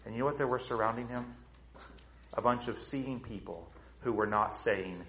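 A man preaching a sermon to his congregation, swinging between loud, high emphasis and low, quiet stretches, and asking them rhetorical questions. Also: moderate pace, slight background noise, poor audio. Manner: emphatic preaching with big swings in pitch and loudness. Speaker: pastor.

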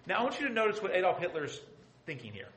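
Pastor guy preaching, bright punchy voice, keeps firing questions at the crowd, echoey church. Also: sits high, wildly swooping pitch, quick pace, slight background noise. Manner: emphatic, asks the audience rhetorical questions and repeats lines. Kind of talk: sermon. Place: church sanctuary.

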